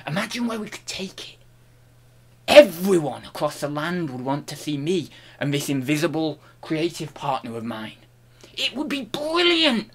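A man hosting a comic vlog, playful and mock-grandiose, jumping between loud outbursts and hushed murmurs, at times talking while chewing. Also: fairly high pitch, animated, normal speed. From United Kingdom. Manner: talks while chewing an apple. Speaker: online reseller and channel host.

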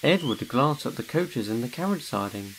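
A man narrating a children's storybook in an expressive way. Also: mid-range voice, moderate pace, a little hiss or hum. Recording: music underneath.

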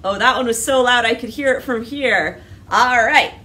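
A woman's voice: a little high, normal speed, pushed and bright. Cheerful sing-song storytime librarian, woman. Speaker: children's librarian. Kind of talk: children's storytime with a hello song. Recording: distant mic with background noise.

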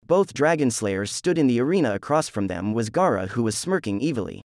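A man narrating a fan fiction story in a plain, even reading voice. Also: medium pitch, a little fast, few pauses, no echo, studio quality.

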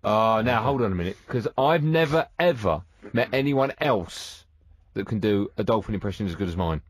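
A man's voice: lowish voice, animated, normal speed, a little hiss or hum. A man hosting a casual radio phone-in, teasing and exasperated with the callers. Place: radio studio.

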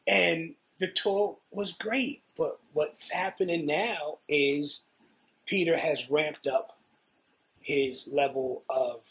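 A man's voice: on the high side, slow. Profane New York man telling road stories. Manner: profane, animated, acts out quotes. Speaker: interviewee, guitarist. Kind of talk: casual storytelling.

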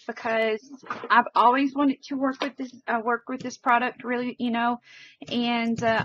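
A woman's voice: a little high, fairly bright tone, dull audio, a little hiss or hum. A woman teaching a crafting tutorial in a chatty, enthusiastic way, with many fillers. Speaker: crafting instructor.

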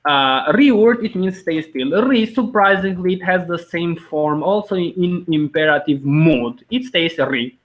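A man teaching a live online language lesson, explaining slowly and repeating example phrases. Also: a little high, expressive.

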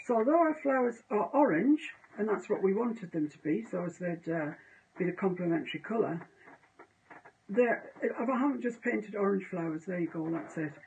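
A woman's voice: medium pitch, expressive, moderate pace, vocal fry, darkish tone, slight background noise. A woman demonstrating painting on a live stream, chatting casually and trailing off mid-thought. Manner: chatty, self-amused, trails off mid-sentence. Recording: dull lo-fi live stream audio.

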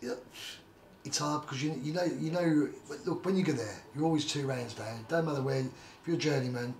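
A man's voice: on the high side, brisk, darkish tone. A middle-aged man, a retired boxer, telling stories in a casual interview, rambling and repeating "like I say" and "do you know what I mean". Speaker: retired journeyman boxer, guest. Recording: roomy echo, faint background noise.

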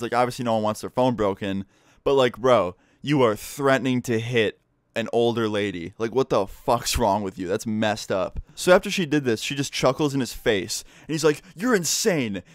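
A man's voice: medium pitch, no room sound, clean studio sound. A young man telling a school story in a casual storytime vlog, cursing freely and talking animatedly. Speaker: vlogger.

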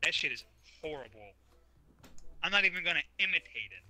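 A young man with a very bright, cutting voice pitched a little high, bantering with a friend over a game. He rants and swears freely, jumps between jokes and complaints, and keeps the talk loose and casual. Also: sing-song, brisk, low-quality recording. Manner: profane, ranting, joking. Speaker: gamer. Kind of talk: casual banter while gaming.

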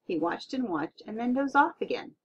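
A woman narrating a children's audiobook in a playful, expressive way, on a dull, lo-fi recording. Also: on the high side, moderate pace, a little hiss or hum.

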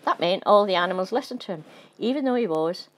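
A woman narrating a children's storybook in a gentle, playful way. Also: medium pitch, expressive, fast, slight background noise. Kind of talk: storybook reading.

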